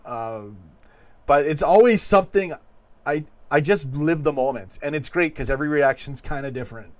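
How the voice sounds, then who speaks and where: A man hosting a late-night fan livestream, rambling and animated as he reads viewer comments. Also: fairly high pitch, moderate pace. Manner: rambling, animated, chuckling asides. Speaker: host of a fan call-in show.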